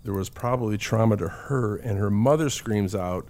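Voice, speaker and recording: Middle-aged male counselor, somewhat low voice, easygoing talk with stories. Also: normal speed, darkish tone. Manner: conversational storytelling with acted quotes.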